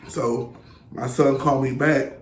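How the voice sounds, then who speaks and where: A podcast guest in his thirties tells blunt, profane stories in casual chat, quoting other people along the way. His mid-range voice is unhurried with fairly even intonation, and the room is echoey with faint hiss.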